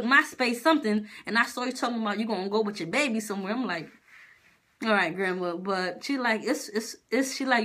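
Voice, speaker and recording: A woman's voice: medium pitch, brisk. A young woman telling a personal story to camera in a casual, slangy way. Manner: animated, slangy, talks straight to viewers. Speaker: vlogger.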